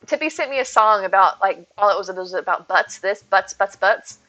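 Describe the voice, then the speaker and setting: Hosting a game stream, a young woman talks fairly fast in a sharp-toned, medium-pitched voice, reading chat aloud, replying, and thanking viewers between giggles. There's no room sound, but the lo-fi stream audio is dull, and game music plays faintly behind her.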